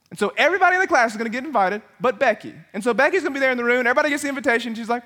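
A male pastor preaching with a high, lively voice that swings all over the place. He is playful and animated and drops into quick little character voices to make his points. It sounds like a sermon in a church.

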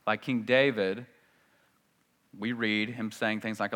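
Male pastor, sermon, bright and forceful, chatty, lots of rhetorical questions; long hall reverb. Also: on the low side, steady tone, takes it slowly. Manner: conversational, asks the room rhetorical questions.

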